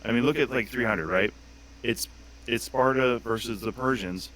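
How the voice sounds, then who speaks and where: A man's voice: medium pitch, normal speed, fairly bright tone, a little hiss or hum, poor audio. A man chatting casually as a guest on a livestream, joking crudely and swearing a lot.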